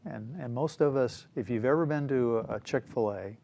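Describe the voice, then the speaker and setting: A man hosting a casual book discussion, talking in a relaxed, rambling way with frequent fillers and some throat clearing. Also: mid-range voice, normal speed, dull audio, a little hiss or hum. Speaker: show host.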